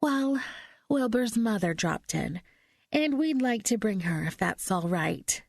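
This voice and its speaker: A woman's voice: medium pitch, lively intonation, slow, gravelly, darkish tone, dry recording, clean studio sound, pitched above the performer's own voice, exaggerated voice. A woman reading a novel aloud, raising her voice to play a tense, overly formal neighbor who sounds tight and strained.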